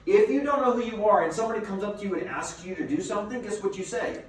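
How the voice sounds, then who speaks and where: A man giving a motivational seminar as a business coach, a lively storyteller who asks his listeners rhetorical questions. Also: high voice, fast. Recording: very echoey room, mic far off, faint noise.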